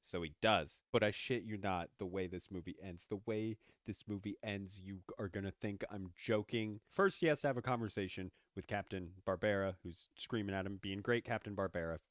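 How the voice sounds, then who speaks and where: Excitable, swearing young movie reviewer. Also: male voice, deep voice, moderate pace, hardly any pauses, dry recording, studio quality. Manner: excitable, sarcastic and profane. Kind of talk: casual movie commentary.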